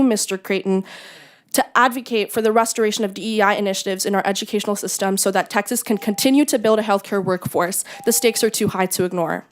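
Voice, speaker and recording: Young female student witness, earnest prepared hearing testimony, mid pitch. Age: young adult. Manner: earnest, urgent appeal. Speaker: student giving public testimony. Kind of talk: prepared testimony read aloud. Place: legislative hearing room.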